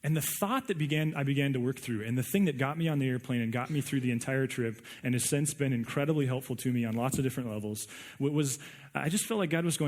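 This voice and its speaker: A man preaching a sermon in a conversational, animated way, often restarting his words. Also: mid-range voice, quick pace. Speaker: pastor.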